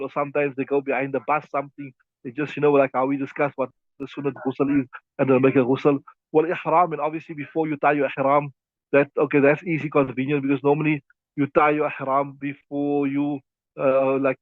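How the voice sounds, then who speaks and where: Guy teaching a class, kinda high voice, keeps asking "right?", sounds like a phone recording. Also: no room sound. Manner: explains step by step, often checks "right?". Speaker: teacher of Islamic jurisprudence. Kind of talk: classroom text lesson. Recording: thin phone-like dry recording.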